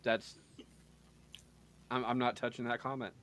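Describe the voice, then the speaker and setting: A man's voice: medium pitch, flat delivery, measured pace, fairly bright tone. A man hosting a casual podcast, joking and tripping over his words as he runs through the picks. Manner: joking, stumbles and repeats words. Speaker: podcast host running the bracket.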